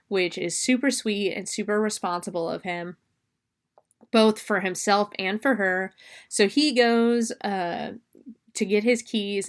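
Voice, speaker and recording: A woman's voice: medium pitch, a bit bright. A woman hosting a podcast, recapping a movie in a casual, rambling way and swearing freely. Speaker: podcast host.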